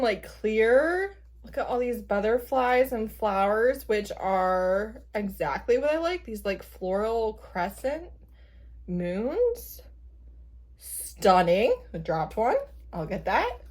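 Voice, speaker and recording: A woman casually vlogging at home, gushing excitedly and laughing often while unboxing a gift. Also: medium pitch, slow. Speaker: book vlogger. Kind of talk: casual day-in-the-life vlog. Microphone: camera at an odd angle without tripod.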